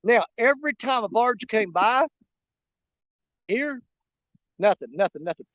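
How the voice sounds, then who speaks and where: Folksy high-voiced angler. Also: male voice, animated, a little slow, a bit bright, dry recording, highs cut off. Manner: folksy, rambling storyteller. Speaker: fishing channel host. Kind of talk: casual vlog talk while bank fishing. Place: outdoors on a riverbank.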